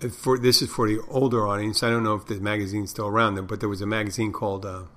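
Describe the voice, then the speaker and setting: Rambling middle-aged male podcaster, low voice. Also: little pitch movement, fast, a bit bright. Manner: meandering storyteller, tells crude jokes. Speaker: podcast host. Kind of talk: rambling casual monologue.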